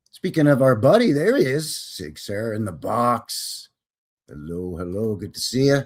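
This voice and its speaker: Lively man hosting a livestream. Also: mid-range voice, moderate pace. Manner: jokey, upbeat, greets viewers by name. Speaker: host. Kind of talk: casual livestream chat.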